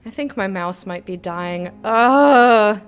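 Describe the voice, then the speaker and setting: A woman's voice: mid-range voice, lively intonation, slow pace, smooth. A woman giving casual commentary while playing a video game, chatty and giggly, talking to herself. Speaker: gamer.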